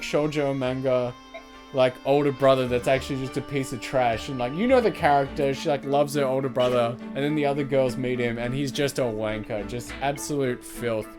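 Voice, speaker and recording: A streamer playing through a story game, reading it aloud and making chatty, slangy asides. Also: mid-range voice. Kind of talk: game let's play, reading dialogue aloud.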